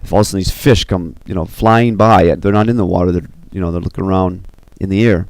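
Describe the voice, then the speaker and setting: A man casually pitching a film story scene by scene, loose and rambling with many fillers. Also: steady tone, fast talker, a little mellow, dry recording. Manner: loose and rambling, full of 'you know' and 'kinda'.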